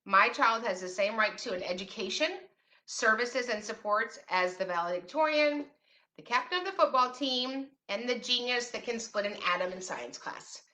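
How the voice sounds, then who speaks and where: Slightly high and expressive at a normal pace, this woman's voice is bright and forceful. The middle-aged special education advocate hosts a parents' rights show, chatting casually to camera and tossing in sarcastic, teasing remarks.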